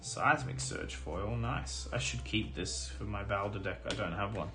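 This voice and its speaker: Over background music, a man livestreams himself opening trading card packs, chatting casually with plenty of fillers and getting excited about what he pulls. His voice is lowish and a little hoarse, and he speaks a bit slowly.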